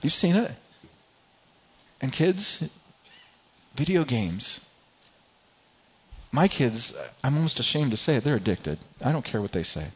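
A man's voice: medium pitch, big pitch swings, a little slow, long pauses, breathy edge, dull audio. Man preaching a conversational sermon. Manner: conversational preaching, acts out everyday people, frequent repeats. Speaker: pastor.

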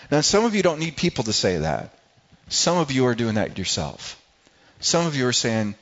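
A man's voice: mid-range voice, sing-song, normal speed. A man preaching a sermon as pastor, talking conversationally, often repeating words and acting out what people say. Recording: slightly dull, lo-fi sound.

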